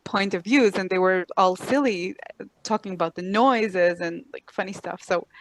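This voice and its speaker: A woman in the audience asking a question over a video call, excited and giggly, with halting fillers. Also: medium pitch, no echo, low-quality recording.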